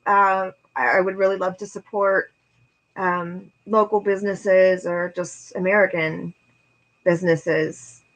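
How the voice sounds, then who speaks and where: A woman's voice: lowish voice, level tone, a little slow, fairly bright tone, rough recording. A woman co-hosting a live stream show, chatting casually and playfully. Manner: chatty, playful, with frequent fillers. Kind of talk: casual chat.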